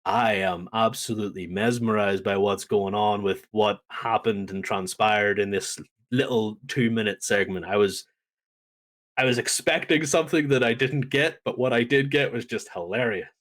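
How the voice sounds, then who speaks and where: A man's voice: lowish voice, normal speed. A man co-hosting a podcast, chatting casually and animatedly as he recaps events and acts out what people said. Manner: animated storyteller, acts out quotes. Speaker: podcast co-host. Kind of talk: casual wrestling recap chat.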